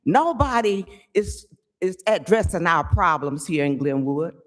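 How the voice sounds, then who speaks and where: An older woman giving an angry, emphatic public comment at a village board meeting, often pausing to ask "okay?". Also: fairly low pitch, lively intonation. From Chicago area.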